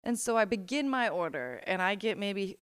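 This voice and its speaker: Chatty woman with a smooth, dry voice. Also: medium pitch, moderate pace, no echo. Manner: animated, chatty, lots of fillers. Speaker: podcast co-host. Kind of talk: casual chat, storytelling.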